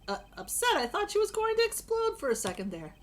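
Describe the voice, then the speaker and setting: A woman's voice: very high-pitched, wildly swooping pitch, brisk, slight background noise. A woman streaming a game, reading the dialogue aloud with joking, crude asides and a strained voice.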